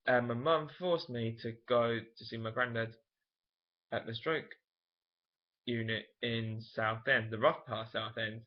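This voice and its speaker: A late-teen vlogger tells a personal story straight to camera, candid and meandering, with lots of fillers and frequent self-corrections. His middle-pitched voice is steady and a little slow. The audio is slightly dull and lo-fi, like a home video.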